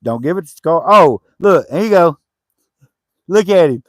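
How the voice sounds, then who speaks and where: A man's voice: on the high side, animated, moderate pace, pauses often, dry recording, clean studio sound. A man working on his homestead cabin, chatting casually, laughing easily and calling to his dogs. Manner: easygoing, laughs often, calls to dogs. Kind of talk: casual chat while working.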